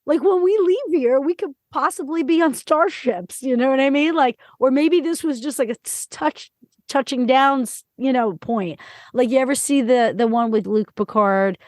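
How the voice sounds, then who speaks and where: A woman's voice: sits high, normal speed, a little mellow, no room sound, studio quality. A middle-aged woman hosting a podcast, chatting casually with a rambling, filler-heavy way of talking. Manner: rambling, many fillers and restarts. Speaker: podcast host. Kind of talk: casual interview chat.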